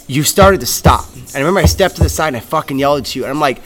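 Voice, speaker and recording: A man's voice: on the high side, fast talker, fairly bright tone, faint music behind. A young man, a coach, co-hosting a casual motivational podcast in a gym, fervent and swearing freely, repeating words when worked up.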